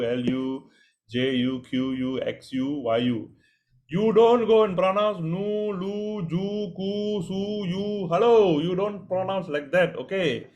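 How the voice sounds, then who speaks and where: A man teaching Mandarin pronunciation in a casual screen-share lesson, chatty and repetitive, drilling sounds with big jumps in pitch.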